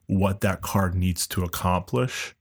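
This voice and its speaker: A man chats haltingly on a casual podcast, full of fillers and quick laughs. His voice is low and gravelly. A cold leaves him nasal and congested. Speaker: podcast co-host.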